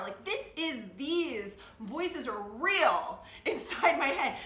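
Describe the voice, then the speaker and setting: A woman's voice: sits high, lively intonation, normal speed, few pauses, sharp tone. A woman life coach talking candidly to her device, emotional and blunt, often laughing as she speaks. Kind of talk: candid confessional vlog. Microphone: phone or camera device. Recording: roomy echo.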